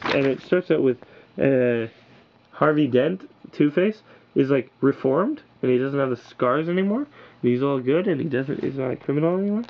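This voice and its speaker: A man's voice: mid-range voice, vocal fry, a little hiss or hum. Rambling, enthusiastic man, lo-fi camera sound. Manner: rambling and enthusiastic, loose with filler words. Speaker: comic book reviewer. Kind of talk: casual rambling review. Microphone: built-in camera mic.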